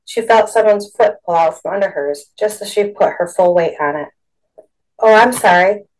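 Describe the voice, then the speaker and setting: Woman narrator, storybook reading, lowish voice, steady. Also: moderate pace, poor audio.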